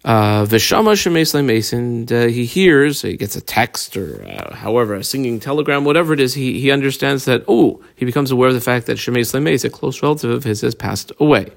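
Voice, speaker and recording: A man's voice: medium pitch, very animated, brisk, vocal fry, few pauses. A man giving a casual Talmud lesson, explaining a passage step by step and mixing Hebrew and Aramaic terms into his English. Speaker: Talmud teacher.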